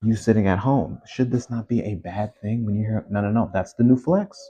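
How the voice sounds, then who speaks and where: A low-voiced man with a husky, mellow tone rants to his audience in a loose, animated way. He circles back on his points, repeating phrases and leaning on conversational fillers. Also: a little fast. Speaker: commentary host. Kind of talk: casual opinion rant.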